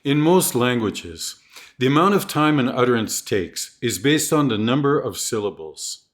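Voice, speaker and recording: A man narrating a scripted video on teaching pronunciation, speaking in a clear, deliberate, instructional way. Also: medium pitch, animated. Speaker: ESL teacher trainer.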